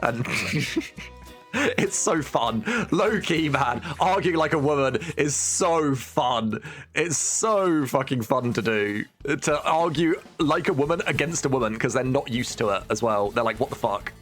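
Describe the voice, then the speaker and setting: A man streaming a game, talking in a loose, rambling way. He cracks jokes, swears freely and keeps throwing in "dude". Soft music plays quietly behind him. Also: medium pitch, lively intonation, a little slow. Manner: rambling, joking, swears and says "dude" often. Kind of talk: casual gameplay chat.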